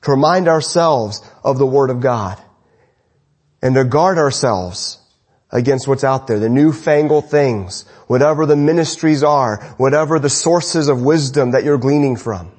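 A man preaching an evening sermon to a congregation, impassioned, swinging between raised urgent lines and low, quiet ones. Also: unhurried. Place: church congregation, evening service.

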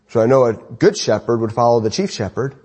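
A man preaching an evening sermon to a congregation, impassioned, swinging between raised urgent lines and low, quiet ones. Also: slightly rough. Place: church congregation, evening service.

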